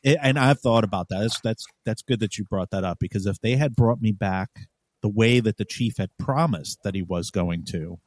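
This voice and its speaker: Blunt, low-voiced New man. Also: normal speed, darkish tone, no echo. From New York. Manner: blunt, profane, heated retelling with many restarts. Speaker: guest, former police sergeant. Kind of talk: casual interview storytelling.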